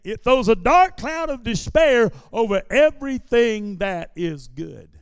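A man preaches a sermon in a very high, smooth, resonant voice. He moves slowly and deliberately through his lines, repeating phrases as he builds toward shouted declarations. A long church reverb trails behind him. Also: sing-song, studio quality. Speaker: pastor. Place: church sanctuary during a service.

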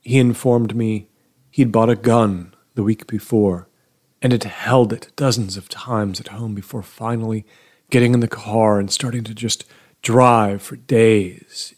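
A man reading first-person horror fiction aloud in a measured, low-key way, often dropping to near-whispers. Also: steady tone, breathy edge. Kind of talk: first-person story narration.

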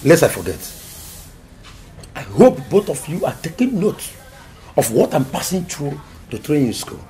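A man's voice: fairly high pitch, huge pitch swings, measured pace, dark tone. An actor playing a jovial, laughing father who talks with his family. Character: jolly Nigerian father, middle-aged, teasing. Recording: crowd noise behind.

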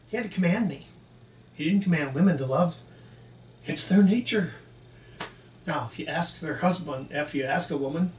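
A man preaching a folksy sermon who acts out both sides of little dialogues with the congregation. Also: a little high. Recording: echoey room, mic at a distance, faint background hiss.

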